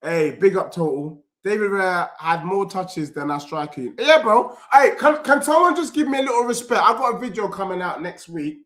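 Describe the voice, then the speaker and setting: A young man streaming a live football watchalong, reacting loudly and reading chat messages aloud. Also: sits high, moderate pace, few pauses. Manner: excitable, loud, reads chat messages aloud.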